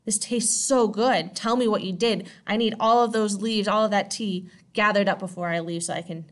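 A woman voicing a delighted male emperor who gives brisk orders. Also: mid-range voice, fairly even intonation, lightly acted. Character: delighted ancient Chinese emperor, man, commanding.

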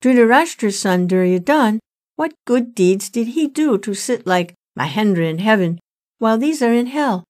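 A woman reading the lines of a righteous king who speaks in deep anguish and then indignation, in a storybook retelling. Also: expressive, normal speed, darkish tone, natural voice. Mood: indignant. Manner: pleading then indignant questioning. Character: anguished righteous king, middle-aged man.

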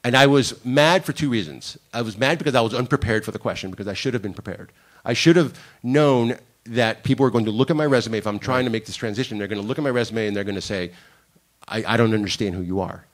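A man's voice: mid-range voice, fast talker, few pauses. A man from Miami, a director, telling stories from his career on a conference panel and acting out the lines of people he quotes. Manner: animated storyteller, acts out quoted lines. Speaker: guest director. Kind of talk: panel conversation, storytelling. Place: conference room.

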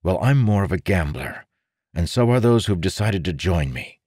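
A determined young nobleman with a firm, persuasive way of speaking, as a man reads him. The voice sits a little higher than the reader's own very deep tone, in a dry, close recording. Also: lively intonation, normal speed, darkish tone, no room sound.

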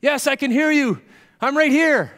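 A man voicing a panicked man dangling from a cliff branch, yelling and pleading in a raised, strained voice in an echoey hall. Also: very high-pitched, moderate pace, pitched above the performer's own voice. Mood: desperate.

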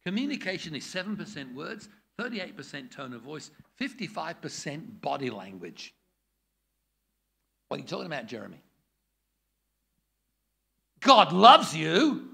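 Gravelly, lively man teaching. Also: on the high side, moderate pace. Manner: blunt, jokey, demonstrates tones of voice. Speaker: preaching trainer. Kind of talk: teaching a preaching workshop.

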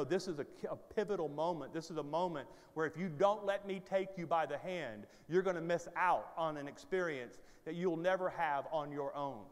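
A man preacher voicing God, speaking softly, calmly and reassuringly to a man in his sermon. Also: a little high, natural voice. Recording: long reverb of a big church hall.

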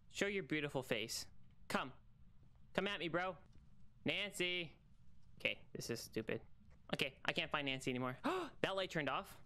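Young male game streamer, bright crisp voice, teasing singsong banter with sudden excited yelps. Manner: chatty and teasing, calling out to the ghost in a singsong; bursts into high excited shouts. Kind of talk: solo gaming livestream.

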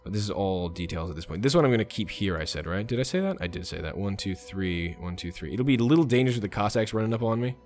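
A man's voice: lowish voice, lively intonation, quick pace, few pauses, darkish tone. A man hosting a let's play, chatting casually and muttering orders to his game units. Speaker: gaming channel host.

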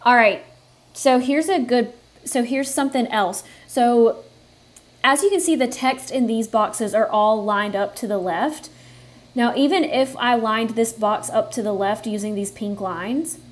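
A woman hosting a software tutorial, explaining each step in a relaxed way and thinking aloud with fillers as she works. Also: on the high side. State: has the hiccups. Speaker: tutorial host. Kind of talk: screen-recorded software tutorial.

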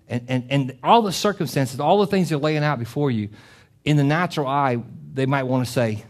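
A middle-aged pastor with a medium-pitched voice preaches a sermon fast and passionately, ending in a closing prayer. He often repeats and restarts phrases, building to loud, emphatic peaks.

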